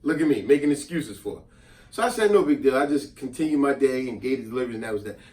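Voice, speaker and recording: A middle-aged man telling a casual story, animated and acting out the people in it. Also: medium pitch, quick pace. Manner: animated, acts out voices in quotes. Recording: roomy and distant from the mic.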